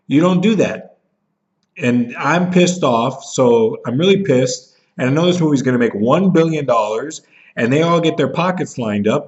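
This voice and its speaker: Angry man ranting into a webcam, bitter and profane, mid-pitched, slightly dull lo-fi audio. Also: animated, normal speed. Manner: bitter, profane, jumps into mocking voices when he is upset. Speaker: vlogger. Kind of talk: angry rant to camera.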